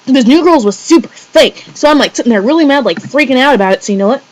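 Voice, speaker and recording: A woman's voice: sits high, expressive, fast, rough recording. A teenage girl chatting in a bubbly, jokey and dramatic way for her home video vlog. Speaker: vlogger.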